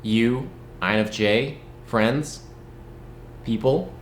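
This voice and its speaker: A young man vlogging casually, playful and mock-dramatic, swinging between loud outbursts and low asides. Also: slow. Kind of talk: casual animated vlog rant. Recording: echoey room with faint noise.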